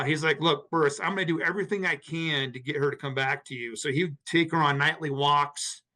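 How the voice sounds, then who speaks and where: A man with a somewhat high, bright and forceful voice tells a painful personal story as a podcast guest. He speaks earnestly, restarting phrases often and slipping into quoted dialogue. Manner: earnest, emotional retelling with many restarts and acted quotes.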